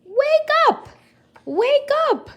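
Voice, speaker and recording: A woman voicing a bossy, know-it-all female capybara bully with a shrill, loud voice. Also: sing-song, normal speed, full character voice.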